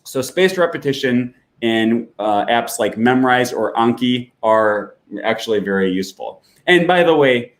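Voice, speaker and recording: A man hosting a language-learning channel, explaining in a relaxed, chatty way with fillers and self-corrections while he clicks through an app. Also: medium pitch, a little slow, few pauses. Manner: walks through an app on screen while talking. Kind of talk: casual explanatory talk.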